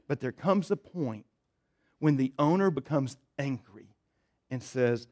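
A man preaching a sermon as pastor, swinging between loud emphatic stretches and soft, low, intimate ones. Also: expressive, unhurried.

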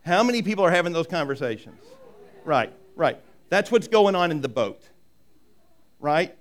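A middle-aged pastor with a fairly high, sing-song voice preaches at a moderate pace in a conversational style. He often asks "right?" and acts out the voices he quotes.

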